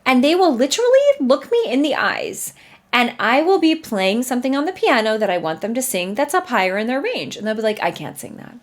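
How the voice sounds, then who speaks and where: Animated woman voice teacher, lively pitch. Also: fairly quick. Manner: animated and chatty, laughs often; acts out students' doubting thoughts. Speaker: voice teacher and podcast host. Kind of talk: casual solo podcast talk.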